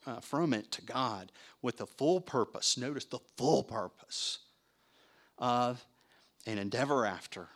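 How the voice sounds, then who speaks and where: A man's voice: medium pitch, a bit bright. A man preaching a sermon in a conversational way, asking his listeners questions and repeating words as he starts his sentences. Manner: conversational, asks the audience questions. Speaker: pastor. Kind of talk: interactive sermon teaching.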